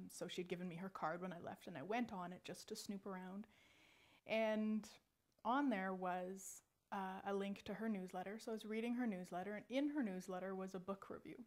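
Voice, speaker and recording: A woman in her forties, a psychic medium, telling a personal story in a chatty, animated way with many restarts. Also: medium pitch.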